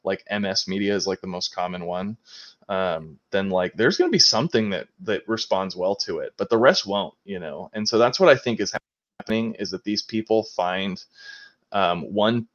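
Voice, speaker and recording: A man who talks in loose, rambling runs, leaning constantly on "like" as he explains things. His voice sits a little low. The recording sounds dull and lo-fi. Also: normal speed. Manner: rambling, heavy use of "like". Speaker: botanist co-host. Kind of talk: casual podcast chat.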